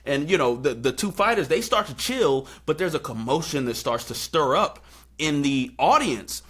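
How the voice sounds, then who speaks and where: A young man chats on a podcast, recounting a wild night with lots of fillers. His voice is bright and clear. When he quotes people he jumps up into loud, excited squeaks. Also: normal speed. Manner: animated storyteller, acts out quotes in high excited bursts. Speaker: podcast host. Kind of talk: casual storytelling chat.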